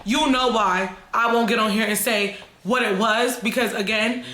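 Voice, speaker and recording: Woman w/ defending herself to viewers, bright voice, echoey room. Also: a little high, steady tone, normal speed. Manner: emphatic, defensive, addresses the audience. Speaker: streamer in a video clip. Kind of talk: telling her side of a dispute.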